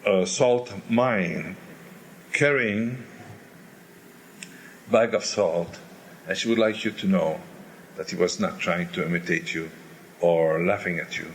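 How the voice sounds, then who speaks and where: An older man, an opera singer, candidly telling animated stories in an interview and imitating crowd noises. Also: low-pitched, takes it slowly, pauses often, slight background noise.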